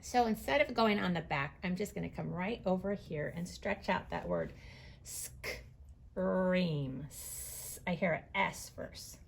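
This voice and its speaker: A woman teacher giving a writing lesson to young children, slowly stretching out the sounds of words as she writes. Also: on the low side, sing-song, creaky, husky.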